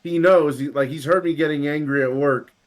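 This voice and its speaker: A man's voice: fairly high pitch, fairly even intonation, fairly quick. A man from Long Island, New York, talking in casual podcast chat, telling stories and laughing easily.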